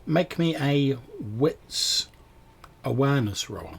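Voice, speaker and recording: A man narrating a tabletop game as game master, describing scenes in an unhurried, descriptive way. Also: mid-range voice, sing-song, creaky, breathy edge.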